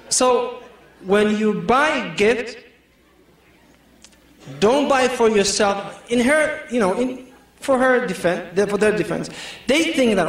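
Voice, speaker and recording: Man, high voice, joking preacher style, recorded from afar in a big echoing hall. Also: slow pace, long pauses, fairly bright tone. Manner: jokey, storytelling, full of "you know". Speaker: Islamic speaker. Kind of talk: humorous sermon to a community audience. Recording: echoey hall, mic far off.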